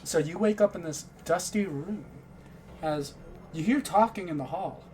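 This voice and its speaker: Guy with a highish voice running a dnd session, laid back, little bit of background hiss. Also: normal speed, warm tone. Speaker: game master. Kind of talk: narrating a tabletop game.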